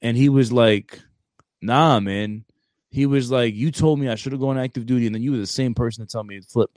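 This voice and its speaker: A man's voice: mid-range voice, fast talker, no echo. A young adult man, a Marine staff sergeant, telling a story in casual chat, acting out the quoted lines and restarting his sentences. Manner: animated storyteller, acts out quoted dialogue, stumbles and restarts.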